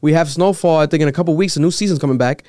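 A man hosting a podcast, chatting casually in a loose, animated way with lots of fillers and quick asides. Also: on the high side, no room sound, clean studio sound. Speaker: podcast host. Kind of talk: casual chat.

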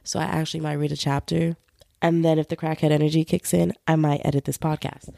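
Young female podcast host, solo chat. Gravelly, dark-toned, dry close sound. Slangy and animated. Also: sits low, fast, no room sound. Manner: chatty, slangy, animated storytelling. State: feeling run-down.

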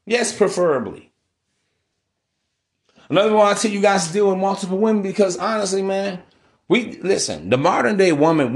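Male podcast host; preachy street-talk monologue, a touch high-pitched. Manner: preachy, street slang, repeats "man" and "bro". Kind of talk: casual monologue.

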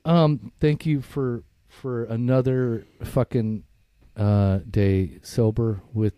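A man's voice: mid-range voice, fairly even intonation, slow pace, smooth, no echo, muffled recording. A man co-hosting a casual recovery podcast, rambling and swearing freely, often breaking into laughter. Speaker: podcast co-host.

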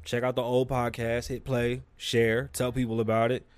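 A man's voice: medium pitch, normal speed, clean tone, no room sound. A man hosting his own podcast, talking casually and profanely and telling stories with lots of energy. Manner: profane, animated storytelling. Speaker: podcast host.

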